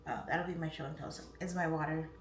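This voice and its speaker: A chatty woman in her thirties rambles through a casual morning livestream, thanking viewers in the chat. Her voice sits on the lower side. She is picked up from a distance in an echoey room with a faint hum behind her. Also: steady tone, fast. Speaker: livestream host. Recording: roomy, distant mic, faint room noise.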